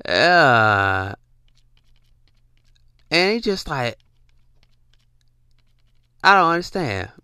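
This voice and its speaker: A man's voice: medium pitch, big pitch swings, very slow, long pauses, sharp tone, clean tone, no room sound, studio quality. A man hosting a podcast, giving a preachy motivational monologue, calling out to listeners and often restarting with repeated words. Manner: repetitive call-outs to listeners; stammering restarts. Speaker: podcast host.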